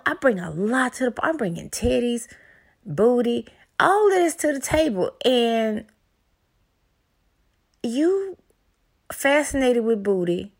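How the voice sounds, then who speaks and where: Loud mouthed woman, AAVE, cussing thru a comedy rant, kinda high voice. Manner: brash, animated, profane. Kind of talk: explicit comedic monologue.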